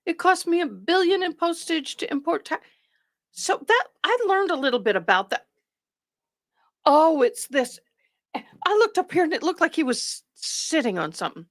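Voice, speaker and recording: A woman's voice: high voice, animated, normal speed, pauses often, fairly bright tone, dry recording, clean studio sound. A tired woman hosting a livestream, chatting casually and rambling with her viewers. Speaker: livestream host. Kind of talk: casual chat with live viewers.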